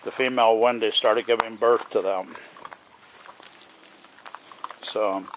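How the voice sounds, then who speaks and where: A man's voice: lowish voice, steady tone, slow, a bit bright, a little hiss or hum. A man filming his puppies, talking to them in a raised, coaxing voice. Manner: talks to the dogs in a raised, coaxing voice. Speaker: dog owner filming puppies. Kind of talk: casual talk to puppies while filming.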